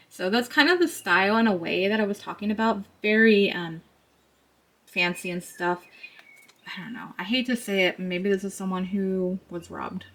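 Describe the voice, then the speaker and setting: A woman's voice: mid-range voice, a bit bright. A woman giving a tarot card reading to her viewers, talking in a chatty, earnest way with many fillers and asides.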